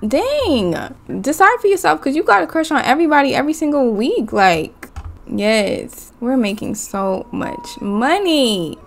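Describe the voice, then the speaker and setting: Playing a life-sim game, a young woman YouTuber chats casually in a slightly high, gravelly voice. She keeps up commentary directed at her characters as well as her audience.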